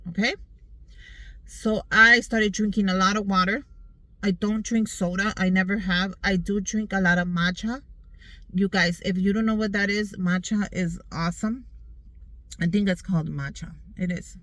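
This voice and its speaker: The audio is dry and low-quality as a woman in her thirties vlogs from a car parked outdoors in the sun, telling viewers her health story. Her medium-pitched, fairly bright voice holds a moderate pace with little pitch movement, and she comes across as earnest and upbeat.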